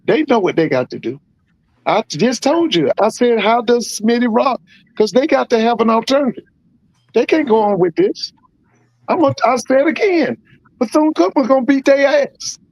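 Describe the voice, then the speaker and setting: Older guy, gravelly and kinda high voice, blunt podcast football takes, dry mic. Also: animated, normal speed, darkish tone, dry recording, low-quality recording. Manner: blunt, emphatic, repeats himself. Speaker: football commentator. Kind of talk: opinionated podcast commentary.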